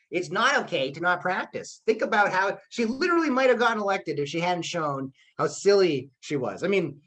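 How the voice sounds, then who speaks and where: A man's voice: high-pitched, fairly bright tone. A man teaching a public speaking lesson online over a video call, keeping his delivery upbeat and acting out the voices in his examples. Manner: upbeat, acts out quoted voices.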